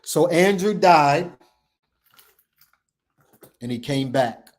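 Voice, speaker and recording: A man with a fairly high voice delivers an impassioned motivational talk. He speaks in the emphatic, repeating cadence of a preacher, moving between loud declarations and low, hushed stretches. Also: animated, extremely slow. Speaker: show host.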